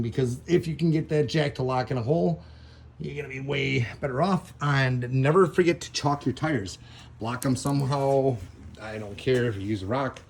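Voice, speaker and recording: A man's voice: medium pitch, a little mellow, slight background noise. A man casually walking through a repair how-to, rambling with lots of ums and laughing at his own crude jokes, recorded on a camera mic beside a van. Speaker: DIY car repair video host.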